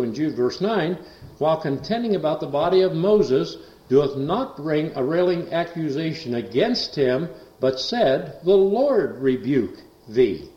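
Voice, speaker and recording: A man preaching in a folksy, rambling way, full of fillers and asides, who rises to loud, emphatic bursts on scripture. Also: fairly high pitch. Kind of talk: folksy sermon storytelling. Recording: roomy, dull lo-fi recording.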